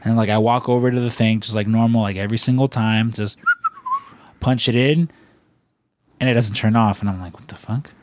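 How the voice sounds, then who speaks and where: A man's voice: on the low side, fairly even intonation, fairly quick, pauses often, a little mellow, a little hiss or hum. A man hosting a casual chat, telling a story with many restarts and laughs. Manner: rambling, restarts a lot, laughs while telling.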